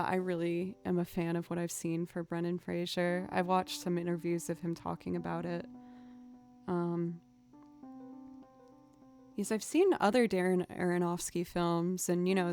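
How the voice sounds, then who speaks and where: A woman's voice: lowish voice, a little slow, a little mellow, soft background music. A woman musician chatting casually with her stream viewers, rambling and drifting off into tangents.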